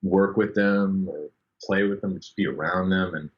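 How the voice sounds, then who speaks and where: A man, a bass player, telling stories as a podcast guest, animated and full of fillers, acting out the people he quotes. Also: normal speed. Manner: animated, acts out quoted voices, many fillers. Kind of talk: casual storytelling interview. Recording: dull lo-fi sound.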